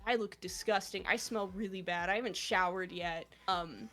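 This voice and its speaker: A young woman co-hosting a casual chat, telling stories in an animated way and acting out the people in them. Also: on the low side, normal speed. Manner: animated storytelling, quotes people in lively voices. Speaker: podcast co-host.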